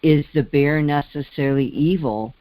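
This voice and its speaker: A man's voice: fairly high pitch, normal speed, warm tone, no room sound. A man from the Midwest co-hosting a podcast, talking casually with many restarts and asides. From American Midwest. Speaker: podcast co-host. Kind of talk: casual conversation.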